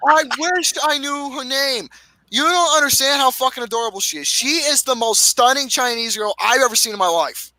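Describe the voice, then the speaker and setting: A man telling a story in a casual chat, profane and animated. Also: very high voice, fairly quick, no room sound, low-quality recording. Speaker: co-host.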